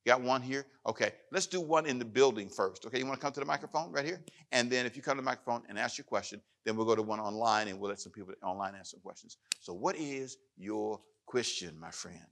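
A man pastor preaching in a church, his voice bright and pressing. He climbs in volume when reading scripture and settles to plain talk for questions. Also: mid-range voice, fast, few pauses. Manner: animated preaching, rising loud on scripture. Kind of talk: sermon with Q&A. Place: church hall with live audience.

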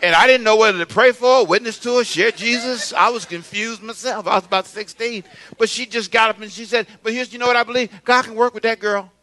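Talking fast in a high, pushed, bright voice, a male pastor delivers a conversational sermon, calling on the congregation to say his words back to him.

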